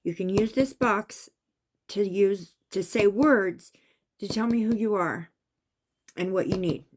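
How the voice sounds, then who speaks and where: A woman vlogger telling her own psychic experience in a casual, animated way, raising her voice at the tense parts. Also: medium pitch, takes it slowly, background noise. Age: adult with a son. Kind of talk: casual storytelling monologue.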